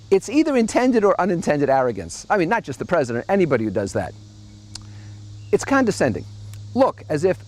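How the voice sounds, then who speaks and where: A man's voice: a little high, wildly swooping pitch, quick pace, darkish tone. A middle-aged man hosting a monthly opinion commentary, delivering a sardonic, mocking monologue. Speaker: host.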